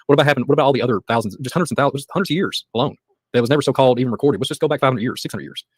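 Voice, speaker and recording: A man co-hosting a casual religious podcast, talking quickly and excitedly, with sarcastic asides and muttered trail-offs. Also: medium pitch, no room sound. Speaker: podcast co-host.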